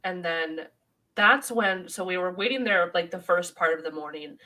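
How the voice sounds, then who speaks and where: A woman's voice: lowish voice, moderate pace, bright, forceful tone, distant mic, poor audio. A woman co-hosting a podcast in casual chat, explaining things with many fillers. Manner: chatty, backchannels and fillers. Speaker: podcast co-host. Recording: voice set back from the mic.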